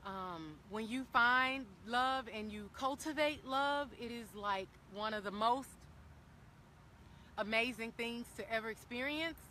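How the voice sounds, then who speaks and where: A woman's voice: on the high side, unhurried, bright, forceful tone, slight background noise. A woman speaking earnestly and encouragingly to viewers on a phone camera, often repeating her key phrases for emphasis. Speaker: wellness vlogger speaking to live viewers. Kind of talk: impassioned live-stream talk. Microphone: handheld phone camera.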